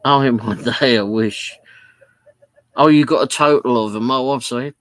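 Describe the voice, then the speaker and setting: A man talks in a loose, rambling way, reacting to viewer comments as he chats on a livestream from his home office. His voice sits at an ordinary middle pitch, and the recording is dry and close with almost no room sound. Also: normal speed, fairly bright tone, no echo, poor audio. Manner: rambling, chatty, reads viewer comments aloud. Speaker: livestream host. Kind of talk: casual live chat.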